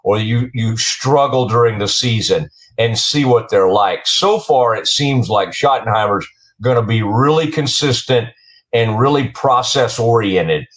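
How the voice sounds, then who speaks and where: A man hosting a sports talk show, asking rambling questions with many halting restarts. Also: medium pitch. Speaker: show host.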